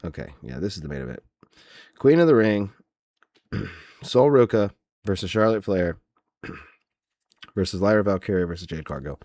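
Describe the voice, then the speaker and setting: A man with a low, gravelly voice hosts a casual recap show, mocking and swearing as he rambles along. The sound is dry and close, with no room in it. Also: expressive, normal speed, pauses often, darkish tone, dry recording. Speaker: podcast host. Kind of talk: casual comedic wrestling recap.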